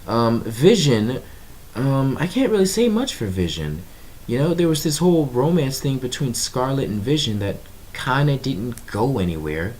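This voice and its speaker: A young man giving a casual movie review, animated and exasperated, with lots of ums and fillers. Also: medium pitch, normal speed. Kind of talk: casual video review monologue.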